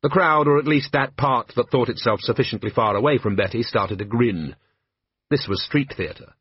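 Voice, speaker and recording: A man's voice: normal speed, slightly rough, dry recording. A man reading an audiobook aloud, switching to raised voices for the characters. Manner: shifts pitch up for characters. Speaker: audiobook narrator. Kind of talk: scripted narration with character voices. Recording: dull lo-fi dry recording.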